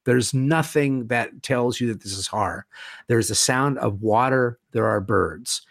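A man's voice: medium pitch, a little slow, creaky, no room sound, studio quality. A man talking as a guest in a conversation, retelling film scenes with vivid storytelling and acted-out quotes. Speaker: guest, horror author.

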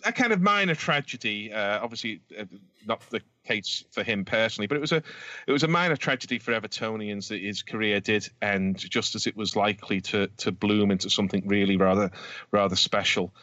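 Low-voiced man musing at length. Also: fairly quick, pushed and bright, no echo, dull audio. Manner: rambling, frequent ums and restarts. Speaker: podcast co-host. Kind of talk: casual football chat.

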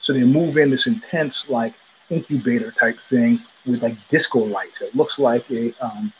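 A man hosting a podcast, telling a story in a loose, animated way and acting out the voices of the people in it. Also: medium pitch, normal speed, slight background noise, poor audio. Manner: animated, profane, acts out quoted voices. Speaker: podcast host. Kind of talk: casual storytelling monologue. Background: child heard in the background.

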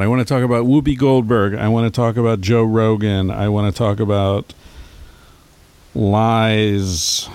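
Low gravelly middle-aged man rambling. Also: darkish tone, no room sound. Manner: rambling, profane storytelling. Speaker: podcast host. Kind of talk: casual solo monologue. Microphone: handheld mic.

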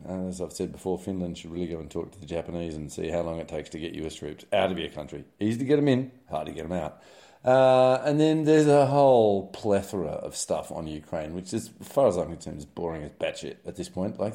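Deep, creaky, and warm, this man's voice carries a casual spoken roundup of the week's headlines. He hosts news commentary in a wry, sarcastic style, his rambling heavy with fillers like um and uh.

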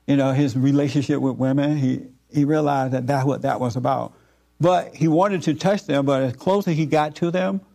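Man, informal spiritual teaching, earnest, halting, slightly high voice, mellow tone. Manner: earnest, repetitive, halting with fillers.

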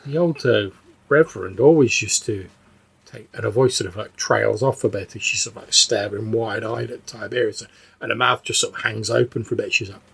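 A man's voice: on the low side, flat delivery, fairly quick, gravelly, sharp tone, slightly rough. A man as game master, narrating a tabletop game in a loose, casual way full of fillers.

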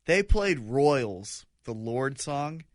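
A man's voice: medium pitch, big pitch swings, very slow, no echo, studio quality. Wry, profane male podcast co-host. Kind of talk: casual podcast chat.

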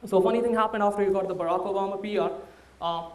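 A man's voice: high-pitched, fairly even intonation, very fast, echoey room, recorded from a distance. A man with an Indian accent, a startup founder giving a candid, anecdote-filled talk to an audience. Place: large room before a live audience.

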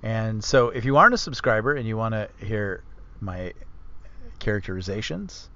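A man's voice: lowish voice, animated, moderate pace, sharp tone, dull audio. A man hosting a casual book discussion podcast, rambling and correcting himself as he explains with enthusiasm. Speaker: author and podcast host.

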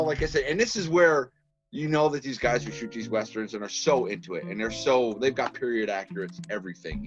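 Chatty man telling animated stories. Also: mid-range voice. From Massachusetts. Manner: animated storyteller, laughs often. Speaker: filmmaker guest. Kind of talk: casual podcast chat. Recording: slightly dull lo-fi audio with faint music.

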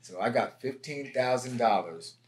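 Animated male music producer telling stories. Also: medium pitch, normal speed, slight background noise. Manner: animated, acts out quotes with raised voice. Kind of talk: casual storytelling interview.

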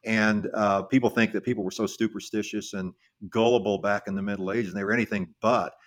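A middle-aged man with a lowish voice co-hosts a podcast. He tells the story conversationally, often stopping, restarting and repeating words as he gathers his thoughts. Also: fairly even intonation, brisk. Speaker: podcast co-host.

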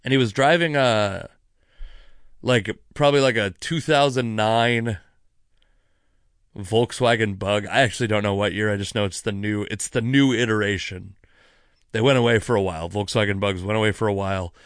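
A man hosting a podcast, telling a rambling story in a casual, animated way, cursing freely, with many asides, while sipping wine. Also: on the low side, normal speed, dry recording, studio quality. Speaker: podcast host.

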